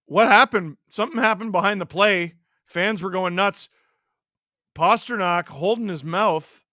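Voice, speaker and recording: Hockey streamer guy, high bright voice, ranting and heckling the refs, dry close sound. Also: a little slow, no room sound. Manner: excitable, ranting at the referees; sarcastic, heckling. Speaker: streamer hosting a live hockey watch-along. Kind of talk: live play-by-play reaction.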